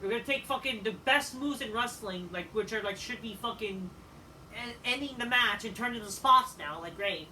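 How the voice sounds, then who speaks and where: A man giving a casual, rambling review of a wrestling show, swearing often and filling pauses with "like" and "you know.". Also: high voice, pushed and bright. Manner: profane, rambling, with frequent fillers. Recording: distant mic with faint background noise.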